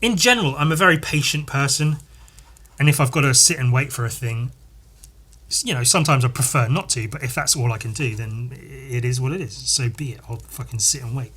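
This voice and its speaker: A man's voice: mid-range voice, brisk, a bit bright, slightly rough. A man hosting a podcast, telling a story casually, rambling, swearing often and laughing at himself. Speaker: podcast host.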